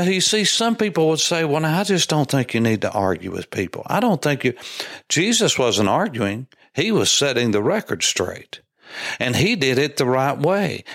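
Male preacher, mid-pitched, emphatic sermon delivery, reads scripture and presses points hard. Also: a bit bright, no echo, clean studio sound. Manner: emphatic, rising to insistent emphasis.

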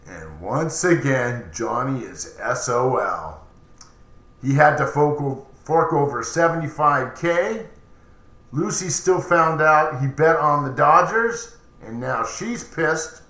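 A man's voice: fairly high pitch, takes it slowly. A man narrating a story in a chatty, casual way as a podcast storyteller. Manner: chatty, animated. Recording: roomy echoey recording.

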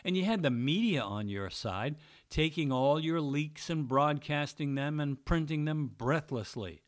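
A man's voice: on the high side, expressive, unhurried. A man giving a mocking, sarcastic opinion monologue as a political commentator.

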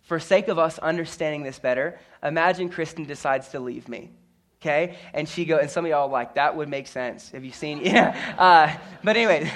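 A man's voice: a little high, normal speed, a bit bright. A man preaching a sermon as pastor, telling a story earnestly with stammered restarts and repeated words.

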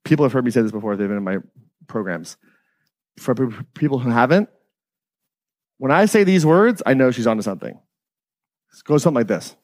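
A man's voice: mid-range voice, lively intonation, brisk, long pauses, a little mellow, no echo, clean studio sound. A middle-aged man leading a live workshop, talking casually and with profanity, often checking in with the audience by asking "right?". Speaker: workshop leader.

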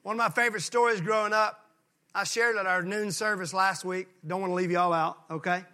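Male pastor from Mississippi, emphatic sermon delivery, high-pitched and ringing. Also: steady tone. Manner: emphatic preaching, slows down to stress key lines; acts out folksy characters in quieter voices.

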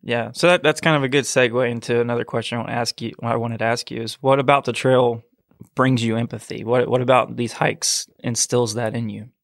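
A male host speaks with a flat, gravelly voice, sincere and hesitant. The sound is dry and close, with no room echo. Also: mid-range voice. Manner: sincere, halting with fillers and repeats. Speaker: podcast host. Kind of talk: casual interview chat.

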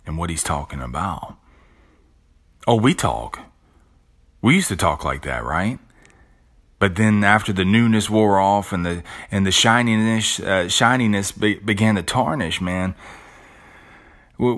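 A middle-aged man with a very low, deep voice talks through a motivational monologue as a podcast host. He speaks conversationally, often restarting and repeating words, with blunt and earthy asides. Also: fairly bright tone.

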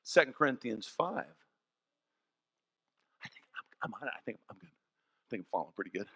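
A pastor preaching a sermon, telling stories in an animated way and swinging from soft, low passages to loud ones. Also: male voice, moderate pace, creaky, husky, lo-fi sound. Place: church. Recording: long church reverb.

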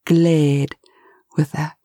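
Low dark husky woman reading a bedtime story, soft half-whisper, slow. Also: level tone, no echo, clean studio sound.

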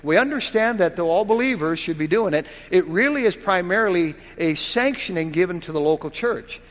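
A man's voice: high voice, animated, fairly quick, fairly bright tone, big-room sound. A man preaching a sermon as pastor, reading scripture aloud and pressing his point with emphatic rhetorical questions.

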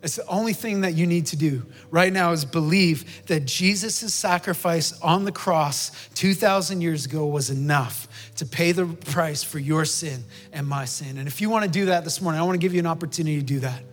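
A man's voice: on the high side, normal speed, hardly any pauses, in a large hall. A man preaching a sermon, earnestly urging the congregation and leading a prayer in a church. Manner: earnest, urging, repeats short pleas. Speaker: pastor. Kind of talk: sermon with altar call and prayer. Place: church sanctuary with balcony.

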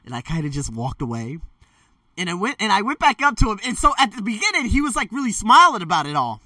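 A man with a bright, slightly higher voice tells a rambling story straight to his viewers. He talks loosely, with lots of fillers and quick self-corrections, and slips into lively voices for the people he quotes. He sounds dry and a bit set back from the mic. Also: no echo, distant mic. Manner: animated, jumps into quoted voices. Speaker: storyteller vlogger. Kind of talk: casual spoken storytelling.

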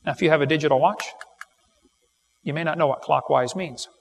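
Middle-aged male seminar speaker, joking folksy storyteller, gravelly voice, recorded live in an echoing hall. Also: a little high. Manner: folksy, wisecracking, quick storytelling with punchlines. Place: large hall with live audience.

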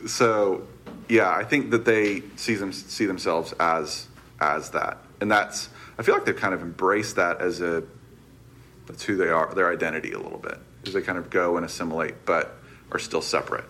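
A man's voice: low-pitched, moderate pace, a bit bright, a little hiss or hum. A man teaching a casual Bible class, chatty and loose, correcting himself and laughing easily.

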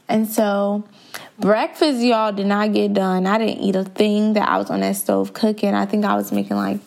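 Slow, gravelly-voiced woman telling her story. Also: medium pitch, darkish tone. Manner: candid, conversational, addresses listeners as y'all. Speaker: podcast host. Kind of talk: personal storytelling podcast.

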